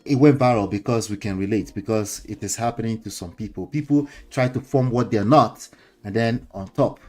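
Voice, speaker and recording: A man's voice: lowish voice, normal speed, dark tone, soft background music. A man with a Nigerian accent hosting a casual commentary show, lecturing his viewers, repeating his points and dropping in pidgin words. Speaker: host.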